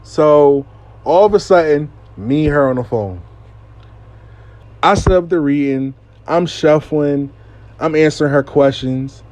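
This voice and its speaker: Animated, swearing male storyteller. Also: fairly high pitch, a little slow, pauses often, dry recording. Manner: animated, profane, repeats "I lie to you not". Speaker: host and storyteller. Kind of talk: casual storytime monologue.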